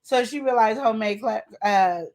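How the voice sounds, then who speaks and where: Animated woman telling stories, higher voice. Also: moderate pace. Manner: animated storytelling, acts out quotes and sound effects. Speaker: podcast co-host. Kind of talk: casual chat.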